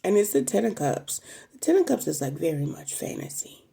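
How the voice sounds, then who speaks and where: Chatty woman with a gravelly low voice. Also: very animated, a little fast, warm tone. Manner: chatty, emotional, swears freely. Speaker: tarot reader. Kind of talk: casual tarot reading to camera.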